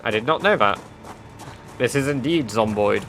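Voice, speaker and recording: A man's voice: mid-range voice, lively intonation, moderate pace, music in the background. A man streaming a game, chatting casually and reading chat aloud with offhand swearing. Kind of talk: casual livestream chat while gaming.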